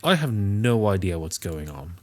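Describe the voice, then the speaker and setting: A man's voice: low voice, sing-song, normal speed. A man voicing a dry, snarky male detective in a near-natural voice. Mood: deadpan.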